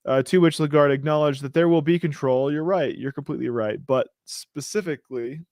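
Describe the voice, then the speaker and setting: A man's voice: a little high, fairly quick, darkish tone, no room sound, clean studio sound. A man hosting a casual show, reading news items and riffing on them with jokes. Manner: joking, riffing asides while reading. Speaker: show host.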